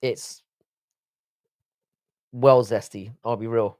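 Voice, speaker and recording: A man's voice: mid-range voice, fairly even intonation, takes it slowly, a little mellow. London man bantering on a live stream. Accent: London English. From England. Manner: profane, joking banter with the chat. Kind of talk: casual live stream chat.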